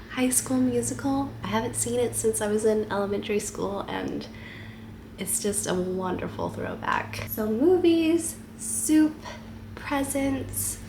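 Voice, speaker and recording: A woman with a head cold and a stuffy voice, chatting softly and casually to camera at home. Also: on the high side, noisy background. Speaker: vlogger.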